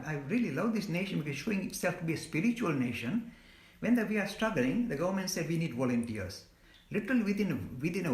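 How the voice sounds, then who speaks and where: A man's voice: high voice, echoey room. A man giving an earnest, impassioned talk and answering questions, emphatic and scolding, often repeating words. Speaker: guest speaker on a live stream.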